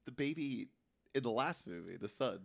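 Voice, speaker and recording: A man's voice: mid-range voice, expressive, normal speed, creaky. A man co-hosting a podcast in casual chat, dropping wry jokes and laughing. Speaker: podcast co-host.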